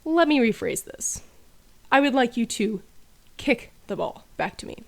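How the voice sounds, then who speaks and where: A woman's voice: high-pitched, lively intonation, normal speed, pitched above the performer's own voice. Woman quoting a cheery kids' soccer coach. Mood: patient. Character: upbeat male youth soccer coach.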